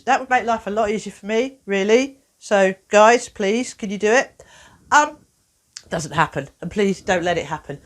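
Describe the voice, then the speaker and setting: A woman, a therapist giving a playful, expressive workshop talk with self-mocking humor. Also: medium pitch, normal speed.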